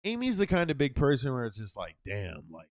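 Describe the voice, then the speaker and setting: A man's voice: medium pitch, wildly swooping pitch, brisk, dry recording, studio quality. A man co-hosting a casual podcast chat, loose and profane, steering the talk with a slightly tired throat. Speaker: podcast co-host.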